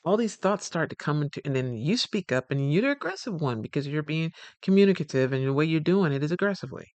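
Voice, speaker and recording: Speaking fast in a voice on the high side, a man coaches on communication with no echo in the recording. He rambles casually and animatedly, voicing the people he describes and fixing words mid-stream.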